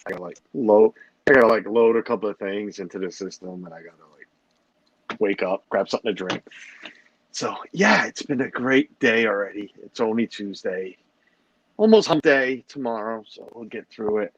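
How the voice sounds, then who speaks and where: A man's voice: lowish voice, moderate pace, no echo, lo-fi sound. A middle-aged man hosting a livestream, rambling and joking as he greets his chat. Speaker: livestream host. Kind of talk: casual chat with a live audience.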